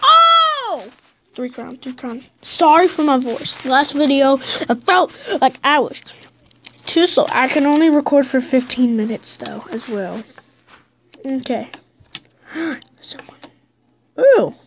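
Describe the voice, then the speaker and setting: Young female gamer, high voice, excitable casual commentary. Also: takes it slowly, pauses often, a little hiss or hum. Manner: excitable, bursts into high squeals and drops to mutters. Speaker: gameplay commentator.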